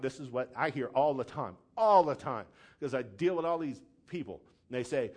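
A pastor preaching a sermon, casual asides and checking in with the congregation, building to loud emphatic peaks. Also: male voice, mid-range voice, animated, normal speed. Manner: conversational asides, checks in with "okay?".

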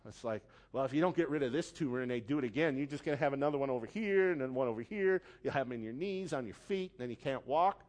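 A man preaching a sermon with animated delivery, acting out voices with sudden high squeals. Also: fast, few pauses. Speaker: pastor.

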